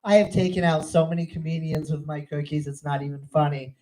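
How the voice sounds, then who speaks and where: A woman's voice: low-pitched, steady tone, brisk, mellow, low-quality recording. A middle-aged woman performing a crude, profane stand-up routine on a comedy club stage. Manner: crude, profane, brash storytelling.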